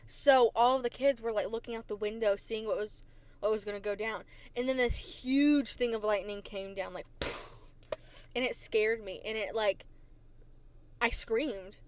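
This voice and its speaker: A woman hosting a podcast, telling stories from her childhood in a chatty, animated way and repeating phrases for emphasis. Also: a little high, normal speed, a little hiss or hum. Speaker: podcast host. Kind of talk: casual storytelling. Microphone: desk microphone.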